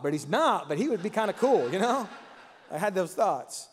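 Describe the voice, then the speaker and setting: A man's voice: high-pitched, big pitch swings, normal speed, in a large hall, a little hiss or hum. A man preaching a sermon as pastor, with an impassioned, repetitive cadence in a church sanctuary.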